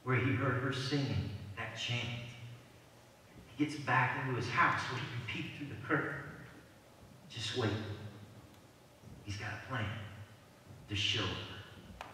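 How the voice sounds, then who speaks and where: A man's voice: medium pitch, takes it slowly, long pauses, bright, forceful tone, far from the mic, a little hiss or hum. A man preacher telling a story dramatically in a sermon. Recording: echoey hall, voice from afar.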